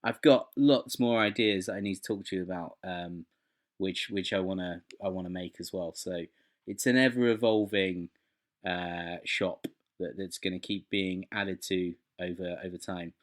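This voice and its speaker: Enthusiastic man, low voice. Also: steady tone, moderate pace. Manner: enthusiastic, rambling. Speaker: podcast co-host. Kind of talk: casual chat.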